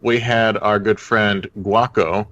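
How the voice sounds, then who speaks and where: A man's voice: fairly low pitch, steady tone, takes it slowly, fairly bright tone, slight background noise. A man co-hosting a casual podcast chat, rambling and correcting himself as he tells a story. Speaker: podcast co-host. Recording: dull lo-fi dry mic.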